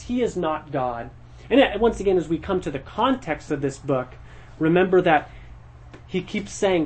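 Male Bible-study teacher, husky voice, relaxed conversational delivery, works through the text verse by verse. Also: high voice. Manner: thinks aloud, explains verse by verse.

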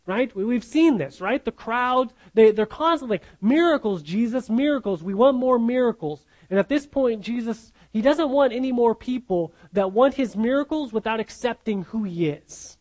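High-voiced man preaching a sermon. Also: animated, normal speed, hardly any pauses, darkish tone, rough recording. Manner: earnest teaching, repeats key phrases, frequent "right?".

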